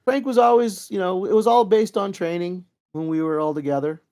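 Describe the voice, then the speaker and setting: A man's voice: high-pitched, brisk. A middle-aged man telling training stories in a casual, rambling way, full of fillers and restarts. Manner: rambling, lively anecdotes with many fillers. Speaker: interview guest, Kempo practitioner. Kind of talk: casual storytelling.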